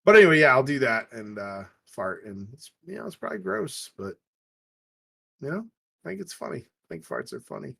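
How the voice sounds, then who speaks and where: A man's voice: medium pitch, very animated, fairly quick, creaky, bright, forceful tone, husky. A man co-hosting a podcast, telling funny stories and acting out the voices of people in them. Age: adult with a wife. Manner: joking storyteller, acts out voices in anecdotes. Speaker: podcast co-host. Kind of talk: casual chat.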